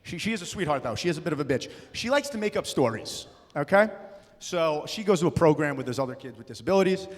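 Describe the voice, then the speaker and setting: A young man doing a stand-up comedy set, loud and punchy, slipping into acted-out voices. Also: a little high, lively intonation, fast. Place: comedy club stage. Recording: live room with long reverb.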